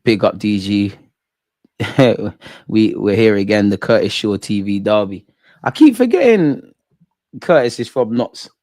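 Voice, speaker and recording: A man's voice: lowish voice, level tone, unhurried, a little mellow, no room sound, clean studio sound. A young man doing live, jokey, slang-filled football watch-along banter with his chat. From England.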